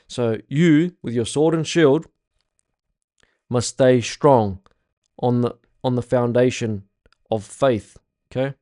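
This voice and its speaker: A man's voice: medium pitch, slow, long pauses, dark tone. Young male spiritual teacher, casual and blunt, heavy swearing, hammers points by repeating them. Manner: blunt, swears freely, emphatic repetition. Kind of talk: casual workshop talk.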